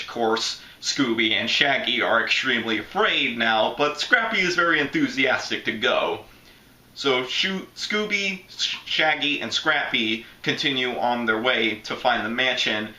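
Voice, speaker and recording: A man's voice: mid-range voice, sharp tone. A man from Florida with a Southern accent, chatting casually through a movie review and breaking into goofy voices. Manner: chatty, jumps into goofy impressions. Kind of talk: casual video commentary. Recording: echoey room.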